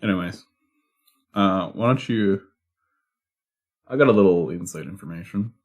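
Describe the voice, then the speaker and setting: Guy doing a sneaky seagull, low and hushed, kinda pushy. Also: lively intonation, normal speed. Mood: conspiratorial. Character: pushy, sly male seagull begging food.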